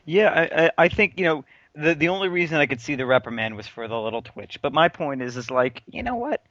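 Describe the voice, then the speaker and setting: A man from the United States co-hosting a casual motorsport podcast, talking in an animated, opinionated way with frequent restarts. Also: fairly high pitch, a little fast, no echo. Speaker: podcast co-host. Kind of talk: casual chat. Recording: muffled, dry lo-fi.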